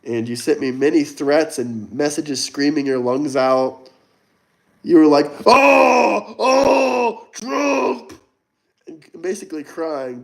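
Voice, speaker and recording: The voice is medium-pitched with a darkish tone. It belongs to a young adult man from the United States running a casual livestream, where he reads chat and fires back at viewers bluntly, argumentatively and with mockery.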